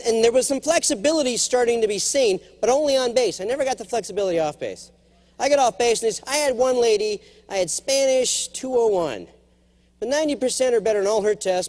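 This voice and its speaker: A man in his forties giving a humorous conference keynote, telling stories and jumping into acted quotes. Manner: animated storyteller, jumps to high acted quotes. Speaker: keynote speaker. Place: large conference hall.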